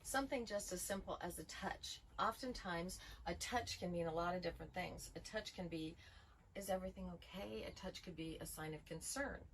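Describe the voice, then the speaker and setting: A middle-aged woman calmly explaining communication skills in a training video, giving examples. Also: on the low side, normal speed, hardly any pauses, a little hiss or hum, rough recording. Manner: calm, explanatory, gives examples. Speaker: school bus safety trainer.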